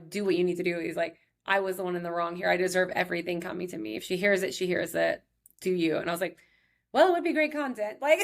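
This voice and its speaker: A woman in her thirties hosting her own podcast, telling personal stories in a chatty, upbeat way full of "like" and "he's like". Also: on the low side. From Texas. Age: 30s. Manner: chatty, heavy use of "like", emotional and upbeat. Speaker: podcast host. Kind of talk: casual personal storytelling monologue.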